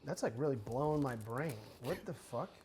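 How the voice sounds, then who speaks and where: A man's voice: mid-range voice, expressive. A man co-hosting a cooking show, teasing the cook in casual banter. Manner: teasing, quick to laugh. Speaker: co-host. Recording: loud background noise.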